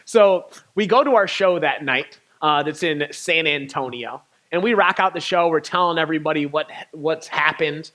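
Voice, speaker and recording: A young man from Michigan, a touring poet, telling a lively story to an audience and acting out the dialogue. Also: a little high, moderate pace, hardly any pauses. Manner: animated, acts out dialogue with laughter. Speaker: touring poet and guest speaker. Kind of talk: storytelling talk.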